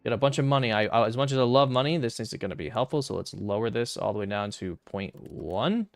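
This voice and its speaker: This young man's mid-range voice is fast and full of vocal fry, recorded dry, as he streams a strategy game. He thinks aloud about his moves, murmurs numbers, and sometimes flares up in exasperation.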